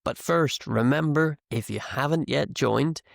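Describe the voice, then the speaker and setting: Slow gravelly man teaching English. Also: fairly high pitch, dry recording, clean studio sound. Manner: explains slowly, repeats key words. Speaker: English teacher and podcast host. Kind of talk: slow, clear teaching monologue.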